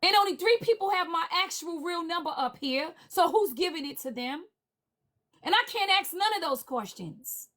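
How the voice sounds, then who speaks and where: A woman speaking on a livestream panel in a heated, indignant rant, repeating her demands forcefully. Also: very high-pitched, expressive, moderate pace.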